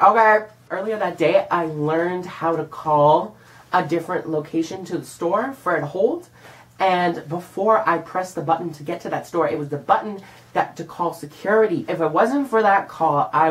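A young man vlogging a casual storytime monologue, animated and profane, acting out what he said in the moment. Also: on the high side, low-quality recording. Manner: animated and profane, acts out his own lines.

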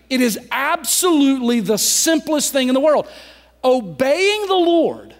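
A man preaching a sermon as pastor, swinging from loud emphatic lines to soft, slowly drawn-out phrases. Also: extremely high pitch. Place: church sanctuary. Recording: church hall reverb.

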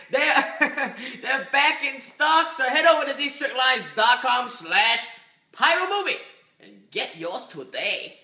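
A young man hosting a comedic vlog, ranting loudly and excitedly about his day. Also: very high-pitched. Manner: loud, excitable comic ranting. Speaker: vlogger.

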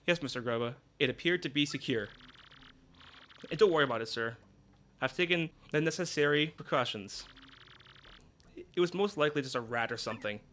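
A man doing a prim, hushed woman manager. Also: brisk, long pauses, a little hiss or hum, lightly acted. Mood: reserved. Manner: low, quiet and formal. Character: prim reserved female manager.

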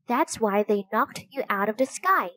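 A woman voicing a kind, eager young girl who speaks softly and coaxingly in a storybook reading. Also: a little high, animated, unhurried, no room sound, full character voice. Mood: gentle. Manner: soft and gentle, coaxing.

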